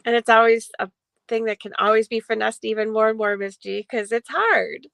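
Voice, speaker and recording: A woman's voice: fairly high pitch, moderate pace, vocal fry, a bit bright, no room sound. Reflective woman, dry close sound. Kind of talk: casual chat.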